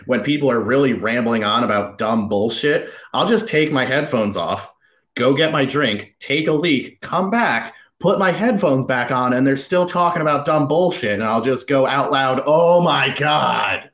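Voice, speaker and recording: A man's voice: mid-range voice, expressive, normal speed, fairly bright tone. A man guesting on a podcast, chatting casually and profanely, rambling and acting out exasperated quotes over a remote call. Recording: roomy, dull lo-fi sound.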